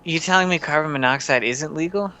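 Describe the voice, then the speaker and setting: A man's voice: a little high, a little fast, pushed and bright. A man taking part as a player in a tabletop game, talking in a dry, matter-of-fact way.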